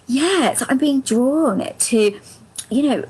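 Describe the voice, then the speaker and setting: A woman leading a live angel card reading, speaking in a gentle, affirming, soothing way. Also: high voice, expressive, slow, breathy edge, rough recording. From United Kingdom. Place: home, live stream.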